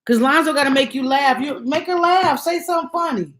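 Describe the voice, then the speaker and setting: A woman hosting a casual chat, teasing her co-host and talking back quickly. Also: high voice, a bit bright, a little hiss or hum.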